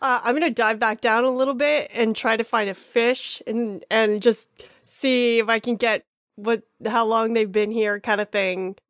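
Woman as tabletop player, loose and joking, higher voice, dry sound. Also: steady tone, unhurried, no room sound. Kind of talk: casual role-play as player.

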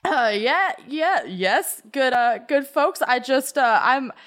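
A woman speaking as a tall kitsune woman in disguise, halting and overly polite as she tries to talk her way past. The voice stays close to her own bright, fairly high pitch. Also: expressive, heavily acted. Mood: nervous.

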